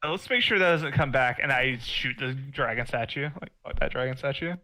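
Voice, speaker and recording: A man's voice: medium pitch, brisk, bright, forceful tone, low-quality recording. A man playing a tabletop game, asking casual questions and declaring his character's actions. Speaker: player.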